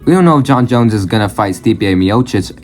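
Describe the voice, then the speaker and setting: A man's voice: fairly low pitch, animated, a little fast, a little mellow, soft background music. A man giving blunt reaction commentary on his own channel, ranting and swearing freely, often repeating phrases in bursts. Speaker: channel host.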